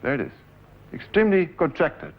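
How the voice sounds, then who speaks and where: A man's voice: a little high, animated, moderate pace, gravelly. A man in his forties with a German accent, a composer giving a lecture who explains his piece step by step and directs the players, sometimes humming the phrases. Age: 40s. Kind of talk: lecture with live musical demonstration. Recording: dull 1970s lecture recording. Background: faint piano music.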